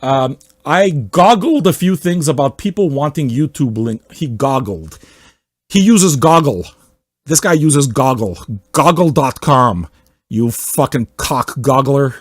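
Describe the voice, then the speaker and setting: A man hosting a music podcast, ranting casually and swearing a lot, swinging from loud mocking outbursts to low muttering. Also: lively intonation, slow, dry recording, studio quality. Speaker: podcast host. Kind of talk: casual profane rant.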